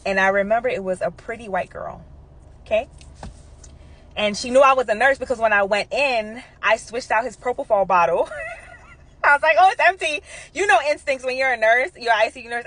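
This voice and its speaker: A woman's voice: a little high, moderate pace, a bit bright. A woman in her thirties, a nurse, telling a personal story casually to camera with frequent asides and check-ins with her audience.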